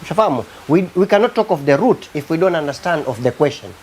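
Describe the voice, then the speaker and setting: TV co-host, rapid and animated, playful and probing. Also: mid-range voice, a little hiss or hum. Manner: playful, pressing questions. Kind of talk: TV talk show chat. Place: TV studio.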